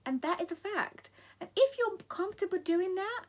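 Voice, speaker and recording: A woman's voice: very high-pitched, lively intonation, moderate pace. A woman vlogging her opinions, emphatic and indignant, often restarting her sentences when she gets heated. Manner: emphatic, indignant, repeats for stress. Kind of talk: impassioned opinion vlog.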